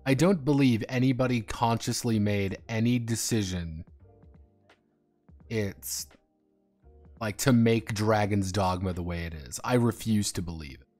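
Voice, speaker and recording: A man streaming, chatting casually and rambling through profane, animated tangents over faint background music. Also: on the low side, unhurried. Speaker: streamer and game designer.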